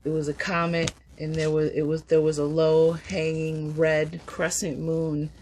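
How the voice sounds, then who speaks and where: A woman giving a casual, upbeat tarot reading, chatty and quick to laugh. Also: deep voice, level tone, darkish tone, slight background noise, rough recording. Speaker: tarot reader.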